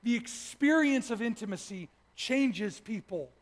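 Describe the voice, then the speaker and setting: A pastor with a fairly high male voice tells a story from the pulpit. His delivery is animated, and he swings between loud bursts and hushed, almost whispered passages. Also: unhurried. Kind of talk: sermon with personal testimony.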